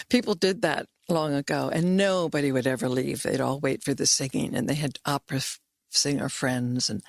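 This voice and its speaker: A woman's voice: a bass voice, creaky, dry recording, clean studio sound. An older woman guest in a casual chat, playful and wandering, often restarting her sentences.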